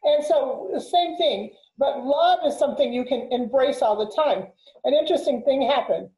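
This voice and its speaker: Affirming woman, slightly high voice, echoey. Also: normal speed, warm tone. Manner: affirming, storytelling. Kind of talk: casual conversation. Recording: echoey room.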